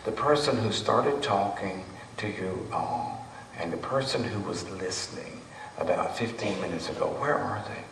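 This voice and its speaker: A male meditation teacher giving a dharma talk to a retreat group, unhurried and light, drawing out his key words. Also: low voice, fairly bright tone. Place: meditation hall. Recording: echoey hall, voice from far off, faint hum.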